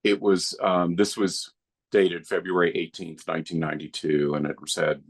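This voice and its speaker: A man's voice: low-pitched, little pitch movement, moderate pace, breathy edge. A middle-aged man, a guest filmmaker on a podcast, reminiscing in an earnest, heartfelt way. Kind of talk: podcast interview.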